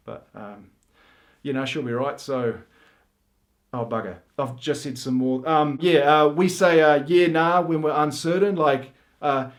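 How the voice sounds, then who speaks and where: A middle-aged man with a New Zealand accent, rambling and deadpan as he explains slang, full of fillers and self-interruptions. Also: fairly high pitch, normal speed. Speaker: comedy video host.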